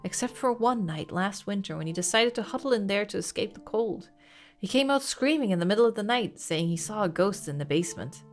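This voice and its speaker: A woman's voice: medium pitch, lively intonation, a little fast, soft background music, natural voice. A woman voicing a hostile, dismissive English working-class man in a video game, with a put-on English accent. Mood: storytelling.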